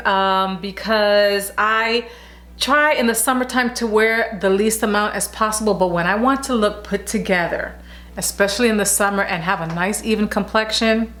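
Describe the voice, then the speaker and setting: A woman's voice: mid-range voice, fairly bright tone. A woman vlogger chatting casually about beauty products, gushing and full of restarts and asides, recorded on a camera mic at home. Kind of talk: casual product review chat.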